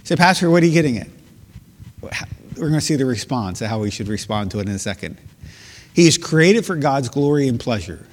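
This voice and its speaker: A man's voice: medium pitch, lively intonation, brisk. A man preaching as a pastor, explaining scripture with rhetorical questions and reading verses aloud. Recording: long hall reverb.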